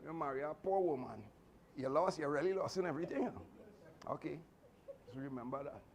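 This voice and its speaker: A man with a Trinidadian accent, telling animated, chatty stories to a martial arts class with laughing asides. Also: on the high side, fairly quick. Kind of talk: storytelling speech to a class.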